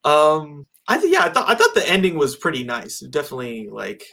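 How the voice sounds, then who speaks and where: A man's voice: a little high, huge pitch swings, fairly quick, creaky, bright, forceful tone. A man in casual conversation about a film, rambling with lots of fillers and restarts. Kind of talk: casual movie discussion.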